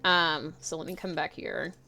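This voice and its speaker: A woman's voice: sits low, normal speed, vocal fry, pushed and bright. A woman streamer giving a rambling, giggly, casual commentary as she draws, swearing freely. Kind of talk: casual livestream commentary while drawing.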